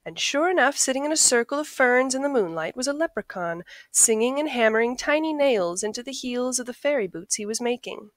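A woman reading a picture book aloud in a friendly, expressive storytelling voice. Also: on the high side, fairly quick, hardly any pauses, no echo. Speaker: storybook reader.

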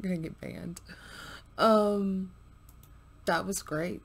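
A woman's voice: lowish voice, slow, gravelly, pauses often. A woman hosting a reaction video, chatting casually to viewers, with many fillers, sometimes dropping to a murmur.

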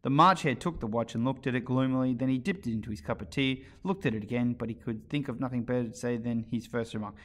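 A man reading a children's book aloud as a storyteller, with an expressive narration. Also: medium pitch, fast talker. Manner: expressive, animated read-aloud.

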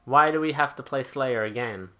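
A man's voice: mid-range voice, moderate pace, pushed and bright. A man ranting angrily over gameplay, profane and exasperated, as a gaming channel host. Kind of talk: angry gameplay rant.

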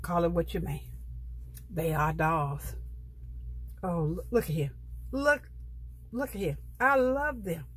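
A middle-aged woman talks her viewers through a sticker book. Her voice is soft and a little husky, and she speaks in an unhurried, chatty way. She gushes over each page. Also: fairly low pitch. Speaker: planner vlogger. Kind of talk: casual show-and-tell of a sticker book.

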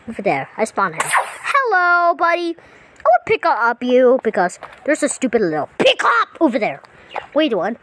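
A woman giving playful gameplay commentary, excitable and repetitive, talking to the characters on screen. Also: sits high, normal speed, noisy background. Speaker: gameplay channel host.

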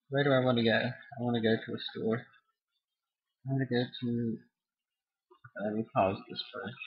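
Goofy young guy narrating his board game, super husky breathy voice, kinda muffled lo-fi mic. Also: medium pitch. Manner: goofy, giggly, sings silly made-up ditties. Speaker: gameplay commentator. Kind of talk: casual let's-play commentary. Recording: dull lo-fi home recording.

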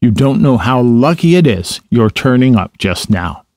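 A man's voice: mid-range voice, very animated, normal speed, a little mellow, dry recording, clean studio sound. A man voicing a rich, boastful male toad who gushes and exclaims over his latest fancy. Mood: delighted.

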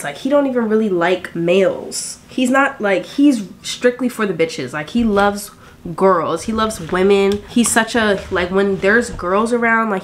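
A woman in her twenties chatting casually to camera while doing her makeup, animated and full of quick asides. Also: mid-range voice, a little hiss or hum. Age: 20s. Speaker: vlogger.

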